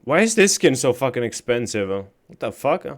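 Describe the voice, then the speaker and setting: A man streaming a game live, chatting casually with his chat, swearing often and reacting loudly to what he reads. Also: medium pitch, big pitch swings, moderate pace.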